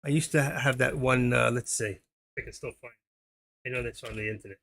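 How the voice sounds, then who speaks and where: A man's voice: medium pitch, fast talker, creaky, fairly bright tone. Rambling middle-aged man telling jokes. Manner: rambling, chatty, laughs at his own jokes. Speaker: live-stream host. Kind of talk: casual live-stream chat and joke telling.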